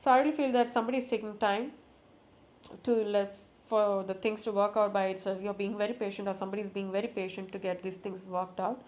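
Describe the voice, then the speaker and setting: A woman giving a casual tarot reading to camera, talking to the cards, repeating requests and exclaiming with excitement. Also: medium pitch, quick pace. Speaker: tarot reader. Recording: slightly muffled, faint background noise.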